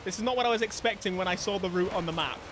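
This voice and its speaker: A young man, giving animated, jokey live gameplay commentary as a streamer, with sudden bursts of mock outrage. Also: high-pitched, rapid-fire, noisy background. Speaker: gaming streamer.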